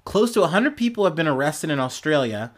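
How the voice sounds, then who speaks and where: A man's voice: fairly high pitch, sing-song, a little fast. A young man hosting a podcast, giving casual, profane, sarcastic news commentary and often laughing. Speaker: podcast host.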